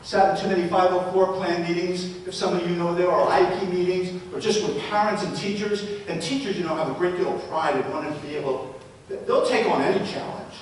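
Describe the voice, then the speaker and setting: A man with a fairly high voice gives a live talk, leaning on stories and rhetorical questions. He is heard from a distance in a big, echoing hall with long reverb and a faint low rumble behind him. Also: steady tone, a little fast. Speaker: presenter. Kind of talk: live public talk to parents and educators.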